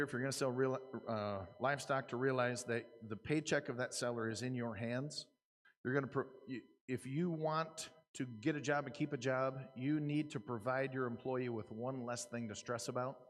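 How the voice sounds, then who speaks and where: An American man speaks to a room of auctioneers in an easy, conversational way. His voice sits at an ordinary pitch, and he often stops and restarts a thought before pushing on. The sound carries a long reverb, like a large hall. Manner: casual, repeats and restarts, earnest. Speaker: auctioneer giving a seminar talk. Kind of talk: conversational lecture to a live audience. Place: conference room.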